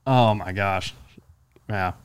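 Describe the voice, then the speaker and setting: In a laid-back podcast conversation, this co-host speaks slowly in a fairly low voice with a clean tone. He spins stories with energy and performs the quoted lines himself.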